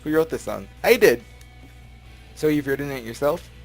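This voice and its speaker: A man's voice: medium pitch, quick pace, darkish tone. A man hosting a let's play, reading visual novel text aloud with casual joking asides and frequent stumbles. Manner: chatty, laughs often, stumbles over words. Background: game music playing.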